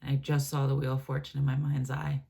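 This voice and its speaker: A woman giving a channeled spiritual reading, speaking gently and affectionately in a meandering way with many fillers and restarts. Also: a bass voice, completely flat delivery, fast, vocal fry. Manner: gentle, affectionate, addresses listener as my love and baby; meandering, filler-heavy, self-correcting. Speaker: channeled message reader.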